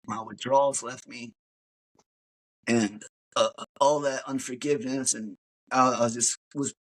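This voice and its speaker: Man, podcast guest, casual testimony, rambling, lots of fillers, mid-pitched voice. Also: poor audio. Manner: rambling, filler-heavy, says dude. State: emotional.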